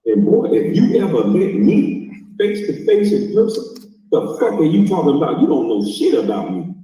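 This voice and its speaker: A man's voice: on the high side, huge pitch swings, normal speed, warm tone, distant mic. A middle-aged man hosting a livestream, ranting and mocking in a profane, scolding way. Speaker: livestream host. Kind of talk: heated reaction rant. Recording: echoey, from off-mic.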